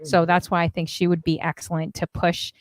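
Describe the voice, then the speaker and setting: Lively chatty woman host, dry sound. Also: on the low side, no echo. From Canada. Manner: chatty, animated, laughing, quick asides. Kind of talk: casual panel chat.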